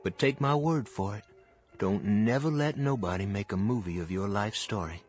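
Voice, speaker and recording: A man voicing a simple, plain-spoken Southern man telling his life story, in a put-on Southern accent with a slow folksy drawl, as audiobook narration. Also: lowish voice, a little mellow, slightly rough, faint music behind. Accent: fake Southern US.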